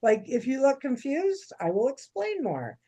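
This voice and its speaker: A woman, co-hosting a casual chat and telling stories in a chatty, animated way. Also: sits high, unhurried. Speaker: podcast co-host.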